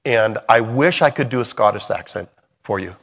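A man's voice: fairly low pitch, moderate pace, vocal fry, fairly bright tone, in a large hall. A middle-aged man leading a Bible study. He talks earnestly and conversationally, then reads scripture aloud, often correcting himself as he goes. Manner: earnest and conversational, with many restarts while reading. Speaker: Bible study teacher and songwriter.

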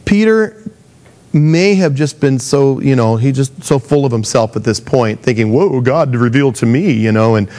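A man's voice: medium pitch, moderate pace, darkish tone. A man preaching a sermon in a casual, conversational way, acting out the voices of the people he quotes. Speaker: pastor.

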